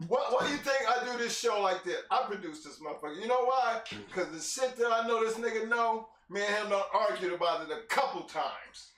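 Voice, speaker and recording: A man producing the show, speaking up loudly and defensively with profanity. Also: high voice, lively intonation, fairly quick, few pauses, reverberant, recorded from a distance. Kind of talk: casual chat.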